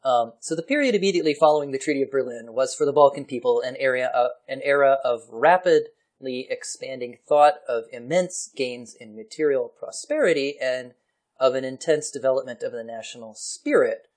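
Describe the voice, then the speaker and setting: A man's voice: mid-range voice, fairly quick, a little mellow. Male podcast co-host, casual storyteller, easygoing and playful. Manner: chatty, laughs often, slips into playful voices for historical figures. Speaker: podcast co-host explaining history. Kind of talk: casual history podcast chat.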